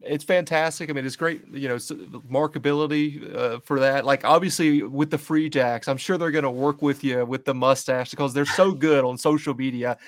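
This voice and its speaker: A man hosting a casual podcast interview, chatty and enthusiastic, greeting loudly and joking with his guest. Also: mid-range voice, fairly even intonation, moderate pace, few pauses, no room sound. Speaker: podcast host.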